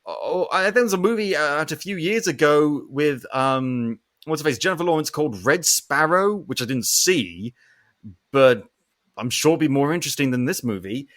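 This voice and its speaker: A man's voice: a little high, lively intonation, normal speed, fairly bright tone. A man hosting a podcast, ranting animatedly through a casual film review and swearing often. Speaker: podcast host.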